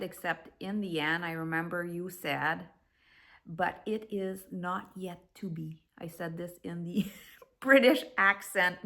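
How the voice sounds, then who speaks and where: A woman speaks to her viewers in a low-pitched but bright, forward voice. She tells a personal story in a reflective, unhurried way, pausing and restarting as she goes. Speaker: spiritual vlogger.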